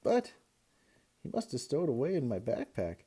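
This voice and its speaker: Stern storybook mom, firm and scolding, read by a man with a dark, mellow voice. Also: medium pitch, sing-song, a little fast, breathy edge. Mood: startled. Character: stern middle-aged mother scolding her son.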